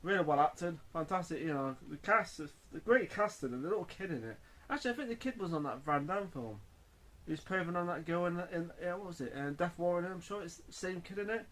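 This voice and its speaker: A man's voice: sits high, animated, fairly quick, fairly bright tone. A man reviewing a film in a casual, rambling way, full of fillers and restarts.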